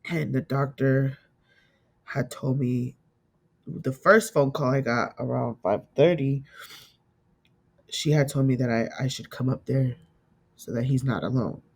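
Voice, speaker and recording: Grieving woman recounting a loss, halting. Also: rumbling low, breathy edge. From California. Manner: emotional, halting, repeats herself, acts out quoted voices. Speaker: guest telling her story. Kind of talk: personal storytelling interview.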